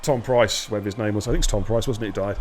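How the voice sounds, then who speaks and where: A man's voice: on the low side, fairly even intonation, racing, slight background noise. Male co-commentator, English, casual banter, jokey. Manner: joking, chatty banter with co-host. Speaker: sim racing commentator. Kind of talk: casual live stream commentary.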